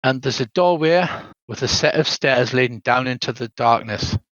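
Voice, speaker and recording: Older British game master narrating a spooky tabletop adventure, dry and slightly muffled call audio. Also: male voice, mid-range voice, normal speed, fairly bright tone, no echo.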